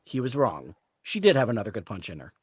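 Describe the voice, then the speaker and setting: A man reading the narration of a story aloud at a live reading, in a steady storytelling manner. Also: on the low side, fast, husky, no room sound, clean studio sound. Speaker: reader, narrator.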